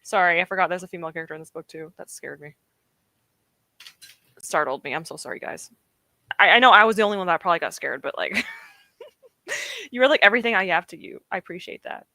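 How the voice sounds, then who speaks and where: This young woman is hosting a reading stream from her desk at home, giggly and talkative, reacting to the live chat and laughing a lot. She talks fast but pauses often, with a lowish, expressive voice and a sharp tone, recorded with no echo.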